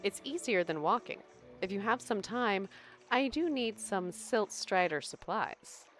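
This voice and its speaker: Lady reading a friendly caravan driver, soft and plain, faint music. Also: mid-range voice, lively intonation, a little slow.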